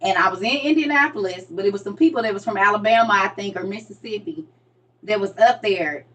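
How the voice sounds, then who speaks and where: A woman's voice: mid-range voice, quick pace, far from the mic. Chatty woman, a bit off-mic. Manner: chatty, playful, laughs often, trails off quietly. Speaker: vlogger. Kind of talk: casual chat to viewers.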